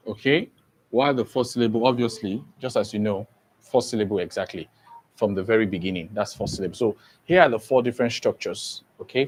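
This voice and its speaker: A man's voice: medium pitch, darkish tone, low-quality recording. A man teaching an online exam-prep English lesson, explaining step by step, repeating key terms and checking in with "okay?" often. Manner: slow, repetitive explaining with frequent "okay?" checks.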